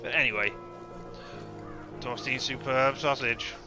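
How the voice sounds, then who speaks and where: A man talks his way through a video game in a loose, rambling way, exclaiming whenever something hits him. His voice sits at an ordinary middle pitch. Loud game music plays underneath the whole time. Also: fairly even intonation, measured pace. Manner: chatty, rambling, yelps when hit. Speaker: gameplay commentator. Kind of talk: let's-play commentary.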